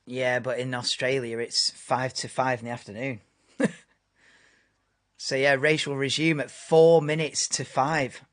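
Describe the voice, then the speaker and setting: A man in casual live-stream chat, talking over a race broadcast in a relaxed, chatty way. His voice sits at an ordinary middle pitch. He comes across as an easygoing host. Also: unhurried. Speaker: streamer hosting a race watchalong.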